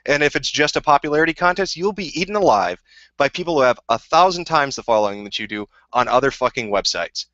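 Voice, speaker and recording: Answering chat questions on his livestream, a man swears nonstop in a heated, combative rant. He talks fast at medium pitch, expressive, bright and forceful, in a dry recording with the highs cut off.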